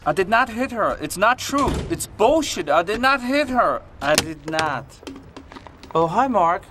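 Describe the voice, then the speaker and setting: A brooding film character who protests with a halting, strangely accented delivery, his voice high and leaping all over the place. The clip is noisy. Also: sing-song. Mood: indignant. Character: brooding man loudly denying an accusation.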